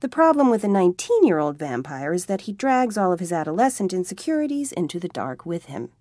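A woman reads a comic novel aloud in a wry, expressive voice. Her pitch rises and falls a lot as she shapes each sentence. The recording is close and dry, with no room echo. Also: a little fast. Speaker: audiobook narrator. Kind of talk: scripted narration.

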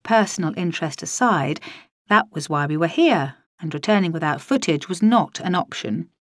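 A woman's voice: lowish voice, lively intonation, moderate pace, dry recording, studio quality. A woman narrating a first-person audiobook in a wry, dryly comic manner.

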